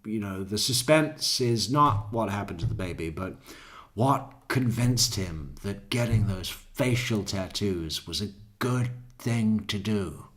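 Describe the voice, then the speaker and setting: Joking, stammering man with a low voice. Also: lively intonation, slow, hardly any pauses, fairly bright tone. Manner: joking, laughs often, stammers and repeats words. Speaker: true crime commentary host. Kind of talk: casual commentary.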